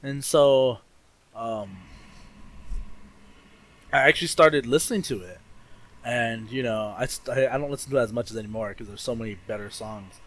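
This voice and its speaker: Casting note: young adult man, gaming streamer doing a casual Q&A, expressive and rambling, mid-range pitch. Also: normal speed, long pauses, poor audio. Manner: expressive, rambling with many fillers and restarts. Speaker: streamer answering viewer questions.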